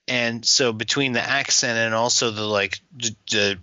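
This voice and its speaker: A man chatting as a podcast co-host, jokey and fond of goofy accent bits. His voice is bright and mid-pitched. The recording is dry and a little dull. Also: steady tone, normal speed, no echo. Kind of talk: casual chat.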